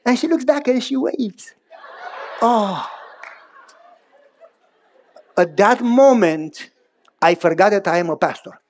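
A middle-aged man preaching a sermon, telling personal stories in an animated way with big pitch swings and repeated phrases. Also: takes it slowly, pauses often, some chatter behind. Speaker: pastor.

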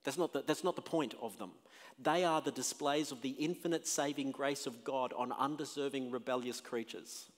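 A man's voice: medium pitch, normal speed. Preaching man in a reverberant church. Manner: emphatic, rising and falling between loud exclamations and quiet questions. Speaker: pastor. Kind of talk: sermon. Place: church sanctuary. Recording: long reverb of a church hall.

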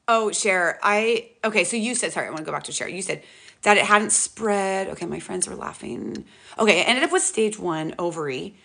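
Middle-aged woman, livestream host; fast, rambling, emotional chat, bright tone. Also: medium pitch, gravelly. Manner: fast, rambling, restarts often; emotional and animated. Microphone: tablet mic, close.

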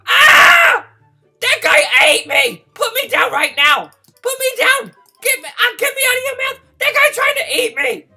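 A man voicing a lonely, needy baby male dinosaur in a game role-play, whiny and begging for friends, breathy and childlike. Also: very high-pitched, full character voice. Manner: whiny, begging for friends, turning to frantic yelling when chased. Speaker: gaming video host.

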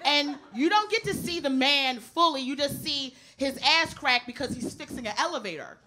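A woman's voice: high-pitched, lively intonation, normal speed, sharp tone. A woman comedian doing a brash, profane stand-up routine on a club stage, telling the story. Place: comedy club stage before a live audience. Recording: live club recording with audience laughter and noise.

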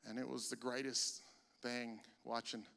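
A man's voice: flat delivery, a little slow, creaky, clean tone. A middle-aged man from South Carolina, telling stories in a stand-up comedy set. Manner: storytelling, jumps into loud high-pitched voices for bits. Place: comedy venue on stage. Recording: live stage with long hall reverb.

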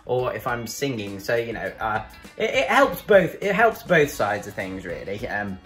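A man's voice: lowish voice, big pitch swings, moderate pace, fairly bright tone, soft background music. A man chatting casually to camera in a vlog about his day, upbeat and rambling with fillers. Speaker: gaming YouTuber vlogging his day.

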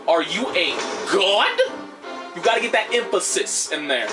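Animated joking man with game music. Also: high voice, measured pace. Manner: rambling, joking, profane, silly asides. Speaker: let's play commentator. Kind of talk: casual game commentary.

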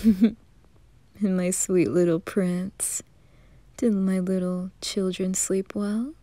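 A woman's voice: mid-range voice, no room sound. Kurapika, a woman doing a whispering young dad. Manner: soft, tender, breathy whispering with light laughs. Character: gentle young father, soft-spoken and doting. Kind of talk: whispered role-play.

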